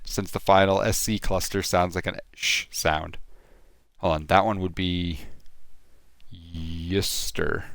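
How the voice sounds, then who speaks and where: A man's voice: sits low, a bit bright, no echo, studio quality. A man streaming a game, reading its text aloud and stopping to sound out the odd words, with casual swearing.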